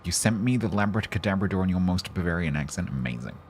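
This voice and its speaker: A man's voice: low-pitched, animated, fast, a little hiss or hum. A man live-streaming a game, chatting casually and jokingly with his chat.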